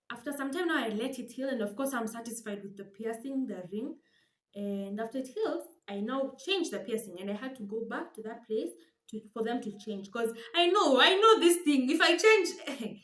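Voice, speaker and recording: A young Kenyan woman telling a dramatic, animated storytime for her vlog, switching languages with laughing asides. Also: fairly high pitch, reverberant. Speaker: vlogger.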